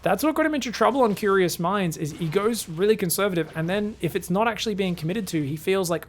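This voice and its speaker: A man's voice: sits high, expressive, fast talker, hardly any pauses, slight background noise. A man casting a game live on his own, chatty and rambling, talking straight to his viewers. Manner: chatty, rambling, talks to chat. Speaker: game caster. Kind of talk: live solo game commentary.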